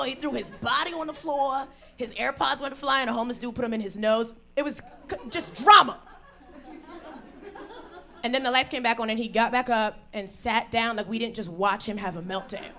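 A woman performing a brash stand-up comedy set live, working the crowd with animated storytelling. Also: on the high side. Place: live venue before an audience. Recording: faint crowd noise. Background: audience laughter.

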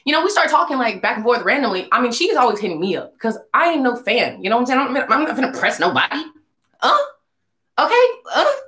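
A young woman telling a casual storytime vlog, animated and slangy, acting out the voices of people in her story. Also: fairly high pitch, quick pace. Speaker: singer vlogging a story. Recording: echoey room.

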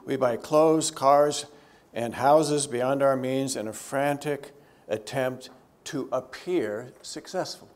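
Man giving a conversational church teaching. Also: slow. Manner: conversational, swings between lifted emphasis and quiet, low asides. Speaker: theologian teaching a church session. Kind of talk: teaching talk to a church group. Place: church gathering.

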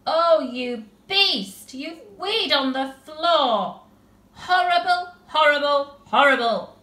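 A woman voicing a cross, bossy little girl who scolds her bear loudly. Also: a little high, lively intonation, takes it slowly, roomy sound, exaggerated voice. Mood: furious.

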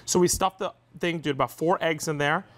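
A woman from New York, a cookbook author, demonstrating cookware live in a TV studio kitchen with brisk, joking chat. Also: low-pitched, a little hiss or hum. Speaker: cookbook author guest cook. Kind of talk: live cooking demo chat.

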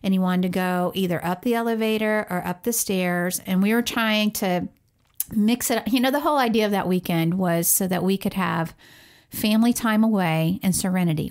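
A woman co-hosting a parenting podcast, telling a personal story in casual chat, animated and laughing often as she talks. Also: mid-range voice, moderate pace. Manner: animated storyteller who acts out quoted voices.

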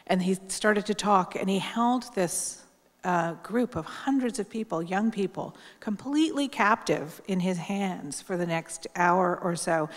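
Middle-aged woman, journalist, at the podium for a tribute speech; candid, wry, loose and conversational, fairly low voice, echoing hall. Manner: candid, wry, chatty with frequent ums. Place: large hall at a public event. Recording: long hall reverb.

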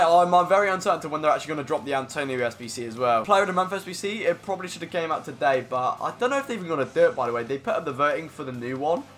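A young man chatting through a video game pack opening, excitable and slangy, with bursts of shouting at big pulls. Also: fairly high pitch. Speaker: gaming YouTuber. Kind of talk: casual pack-opening commentary.

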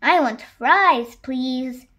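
A woman's voice: high-pitched, extremely slow, sharp tone, muffled recording, exaggerated voice. A woman reading a children's story and voicing a stubborn little boy donkey who pleads and wheedles. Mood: wheedling.

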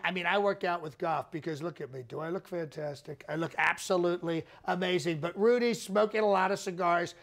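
Comic impression: man as bragging ex-president, high and gravelly, rambling and repetitive. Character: boastful male ex-president, rambling and self-praising. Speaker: comedian doing a live impression. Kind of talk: improvised comedic press conference.

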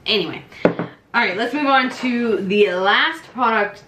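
A woman's voice: on the high side, a little slow. Chatty woman unboxing in an echoey room. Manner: chatty, excitable, thinks aloud. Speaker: beauty box unboxing vlogger. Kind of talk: casual unboxing chat.

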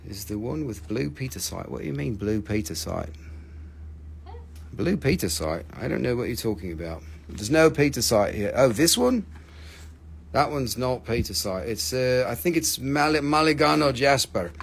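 A man's voice: medium pitch, lively intonation, normal speed, vocal fry, breathy edge. A man hosting a live rock sale, rambling and joking, often forgetting names and swearing casually. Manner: forgetful, filler-heavy. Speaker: host selling rocks on a live stream. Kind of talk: casual live sales chat.

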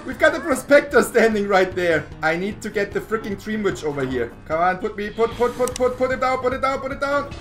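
A woman giving casual gameplay commentary as a gaming YouTuber, excitable and often exasperated, laughing as she plays. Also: mid-range voice, brisk, hardly any pauses, faint music behind.

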